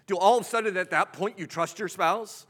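A man preaching a sermon as pastor, conversational, with rhetorical questions and dramatic drops to a hush. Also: high-pitched, fairly quick, breathy edge. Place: church sanctuary. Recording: long reverb of a large hall.

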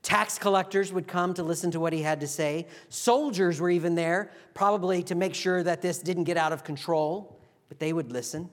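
A pastor preaching a sermon, telling the story vividly and acting out the quotes. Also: male voice, high-pitched, moderate pace, big-room sound.

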